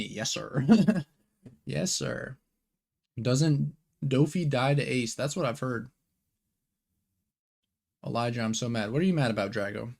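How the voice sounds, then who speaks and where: A man's voice: medium pitch, measured pace, gravelly, pauses often, darkish tone. A young man hosting a live card game watch party, chatting casually in slang and answering viewer questions aloud. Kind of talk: casual live-stream chat.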